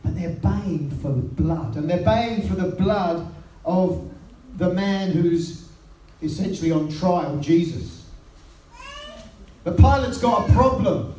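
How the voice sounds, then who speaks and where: A British man preaching a sermon, telling the story and quoting scripture in a lowered voice. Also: expressive, takes it slowly, pauses often, a little mellow, a little hiss or hum. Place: church hall. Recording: roomy sound from a distance.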